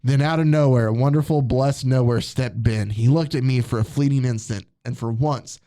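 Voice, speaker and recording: A man's voice: mid-range voice, moderate pace, dark tone. A man hosting a casual comedy podcast, reading romance comic lines aloud in playful put-on voices and laughing along. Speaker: podcast host.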